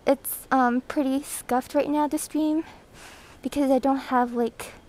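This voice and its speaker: A woman chatting casually on a live stream from an airport terminal, reading chat and greeting viewers excitedly, breathing heavily through a thick mask, recorded on a hand-held phone. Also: sits high, measured pace, rough recording.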